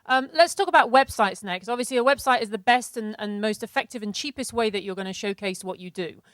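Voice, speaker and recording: A middle-aged woman co-presenting a seminar, giving brisk, organized practical business advice. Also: a little high, fairly bright tone, dry recording.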